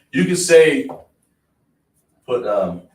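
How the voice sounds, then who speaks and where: A man teaching a class at a board, repeating words and quizzing his students with questions. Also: mid-range voice. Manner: repetitive, question-and-answer teaching style. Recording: echoey room, voice from a distance.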